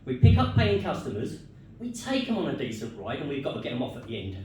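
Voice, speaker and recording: A man doing a stand-up comedy set, telling jokes in a deadpan storytelling way and chuckling at his own punchlines. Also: mid-range voice, fast talker, noisy background. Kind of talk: stand-up set with crowd work. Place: comedy club stage. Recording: echoey club room, mic far off.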